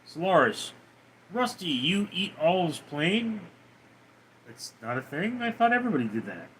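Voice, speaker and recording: With big pitch swings in a high voice, a man hosts a casual livestream at a moderate pace, sounding a bit bright. He reads out chat comments and answers with teasing crude jokes, and a little hiss or hum can be heard.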